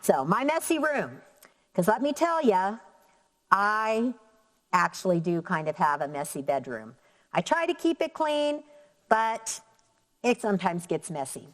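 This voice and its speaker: A woman teacher giving a slow, clear lesson to young children, counting out syllables. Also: medium pitch, big pitch swings, fairly bright tone, big-room sound. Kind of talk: elementary classroom lesson.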